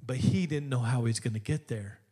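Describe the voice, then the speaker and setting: A man preaching a sermon as pastor, telling a story with lively acted-out voices and frequent laughs. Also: mid-range voice, brisk, breathy edge. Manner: animated, acts out quoted voices in the story; laughs often while telling stories. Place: church.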